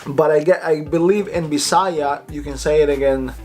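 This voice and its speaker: A man giving a casual spoken language lesson, chatting loosely and repeating words slowly for practice. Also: fairly high pitch, steady tone, a little mellow, faint music behind. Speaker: language teacher.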